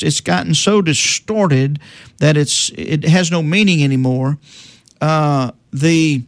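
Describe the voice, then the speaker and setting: A man's voice: on the high side, no room sound. A middle-aged man explaining salvation in a conversational teaching style, often restarting sentences and quoting scripture in old-fashioned wording. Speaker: preacher.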